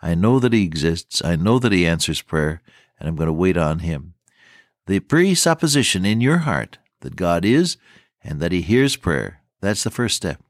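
A man with a fairly low voice delivers an earnest, fervent sermon in an old-style preaching manner. The sound is dry and close, with no room around him. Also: sing-song, normal speed, no echo. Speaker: radio preacher.

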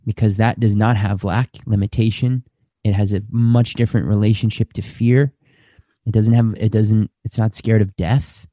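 The sound is lo-fi, dry and close, without any echo or room. In it, a man with a calm, mellow mid-range voice teaches as a spiritual guide, earnest and reflective, lingering slowly over each emphasized word.

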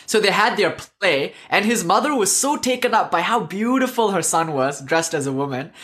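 A man's voice: sits high, animated, normal speed, fairly bright tone. A man from South India giving a casual, joking spiritual talk full of stories. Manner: joking, conversational, laughs often. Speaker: spiritual teacher.

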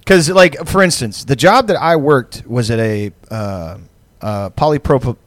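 Podcast co-host, man, rambling casual storyteller with a lively, up-and-down pitch and a dry, close sound. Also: unhurried, no echo. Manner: rambling, profane, lots of fillers; laughs often. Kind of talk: casual chat.

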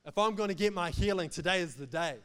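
A man's voice: high-pitched, quick pace, a bit bright, clean tone. A man voicing a desperate blind beggar who pleads to be healed. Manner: urgent, pleading, joking.

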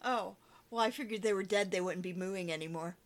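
A woman's voice: mid-range voice, a little fast. A woman reading a story for a podcast, giggling, doing sound effects and losing her place. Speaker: podcast co-host and reader.

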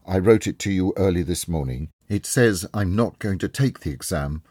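A man's voice: low-pitched, moderate pace, a little mellow, husky, no echo, studio quality, voice pushed up. A man reading a story aloud, voicing an ashamed young male student who speaks hesitantly and apologetically. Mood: contrite.

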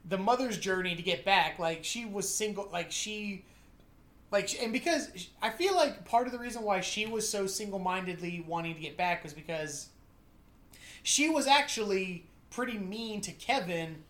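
A woman chatting casually about a movie, animated, swearing now and then and acting out lines in character voices. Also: mid-range voice, moderate pace. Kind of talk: casual movie review chat. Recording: echoey room.

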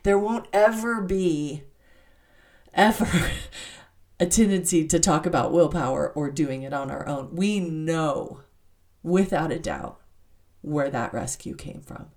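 A woman's voice: sits low, slow pace, darkish tone. A woman hosting a devotional podcast, talking earnestly and from the heart. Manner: earnest and heartfelt, with many "I mean" asides. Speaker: podcast host.

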